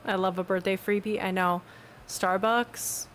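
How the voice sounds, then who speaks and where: A woman streaming a video game, chatting casually with her viewers and reacting brightly to the game. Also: mid-range voice, steady tone, a little slow, soft background music. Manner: chatty and bubbly, reads out chat messages. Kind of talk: casual live-stream chat.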